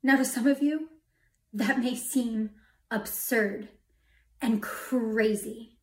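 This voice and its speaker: A woman's voice: fairly high pitch, takes it slowly. A woman preaching a testimony sermon, telling her story dramatically and dropping to a whisper for emphasis. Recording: echoey hall from far off.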